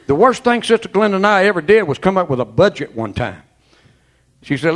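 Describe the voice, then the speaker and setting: A man's voice: sits high, big pitch swings, brisk. A man preaching a sermon as pastor, fervent and folksy, peppering his talk with amens and praise. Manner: folksy, colloquial storytelling.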